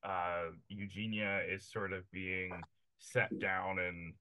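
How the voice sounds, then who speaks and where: A man interviewing an actress, halting and searching for his words with many fillers. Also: deep voice, level tone, pushed and bright. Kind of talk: casual interview chat.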